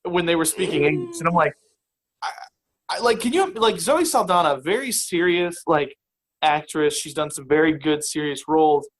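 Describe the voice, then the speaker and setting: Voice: mid-range voice, animated, moderate pace, slight background noise, rough recording. A podcast guest in casual chat, talking hesitantly with many fillers and restarts.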